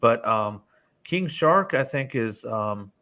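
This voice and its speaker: A man's voice: mid-range voice, animated, slow pace, sharp tone. A man hosting a casual live-stream panel discussion, loose and swearing freely, calling on each panelist by name.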